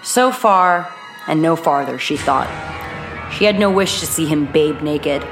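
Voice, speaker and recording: Woman audiobook narrator, low voice, measured reading, faint music underneath. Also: lively intonation.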